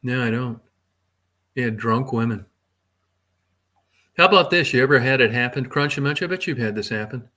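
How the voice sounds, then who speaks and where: A man's voice: mid-range voice, normal speed, long pauses, bright, forceful tone. Middle-aged man, livestream host, casual chat, crude, rambling, heavy swearing. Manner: talks to chat viewers by name.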